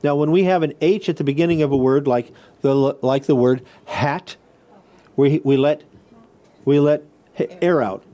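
Male teacher, slightly high, mellow voice, patient classroom explainer who restarts phrases and keeps asking "okay?". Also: fairly even intonation, moderate pace. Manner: checks in with listeners often. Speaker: Bible Greek teacher. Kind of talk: classroom lecture.

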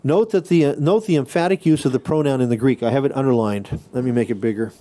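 A man's voice: mid-range voice, fast talker, warm tone. A man teaching a Bible lesson on a podcast, reading quoted passages aloud and explaining Greek words step by step.

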